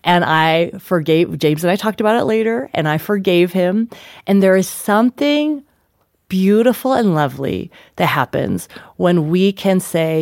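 A middle-aged woman talks as a guest author, telling family stories with a bright, lively lilt. She laughs easily and puts on voices for the people in her stories. Her voice sounds dry and close to the mic. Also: lowish voice, unhurried, no echo. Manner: animated, laughing, acts out quoted voices. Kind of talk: conversational storytelling.

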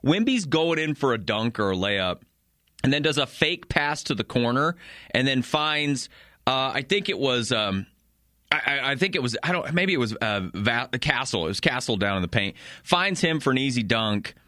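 A man co-hosting a casual sports talk show, animated and acting out players' reactions. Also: medium pitch, normal speed, no echo, studio quality.

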